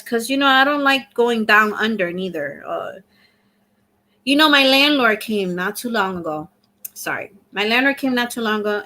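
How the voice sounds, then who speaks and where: Chatting on a casual live stream, a middle-aged woman reads viewers' comments aloud and thanks them. Her voice is medium in pitch, bright, and forceful.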